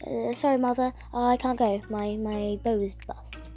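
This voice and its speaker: Woman reading as a fiery 18 yr old girl who loves animals, gravelly edge, music under it. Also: a little high, fairly even intonation, measured pace, dark tone. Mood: pleading. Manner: heated, outraged when crossed. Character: fiery eighteen-year-old nature-loving girl.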